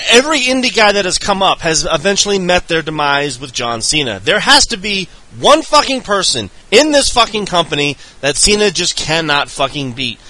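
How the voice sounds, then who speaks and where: Bright, fed-up man griping. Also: sits high, low-quality recording. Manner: profane, exasperated griping. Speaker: podcast co-host. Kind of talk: casual wrestling talk.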